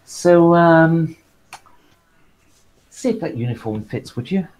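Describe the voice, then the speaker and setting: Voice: medium pitch, expressive, slow, a little mellow, low-quality recording. A player in a tabletop role-play game, talking in a distracted, offhand way.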